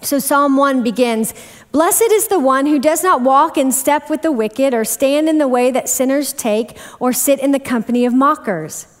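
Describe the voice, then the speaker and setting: High-voiced woman preaching a chatty sermon. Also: normal speed. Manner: chatty, self-deprecating and animated. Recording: long hall reverb.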